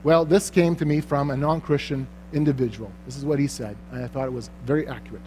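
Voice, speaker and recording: A man's voice: mid-range voice, steady tone, quick pace, a little mellow, slight background noise. A man speaking earnestly at a Christian conference, pressing the audience with rhetorical questions and closing in prayer.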